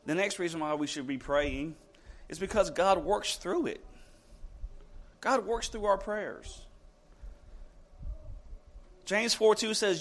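A high-voiced man preaches a sermon in a church. He asks his congregation question after question. He rises to forceful emphasis and then drops to slow, quiet lines.

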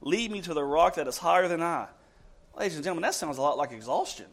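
An expressive man whose voice runs on the high side preaches to a congregation. He asks rhetorical questions and shifts between loud, emphatic lines and soft, slowed-down ones.

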